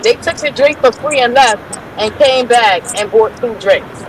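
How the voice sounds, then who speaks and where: A woman who owns a store, chatting casually while driving home and telling a lively story with curses. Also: fairly high pitch, unhurried. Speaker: store owner calling in. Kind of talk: casual chat. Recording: car noise in the background.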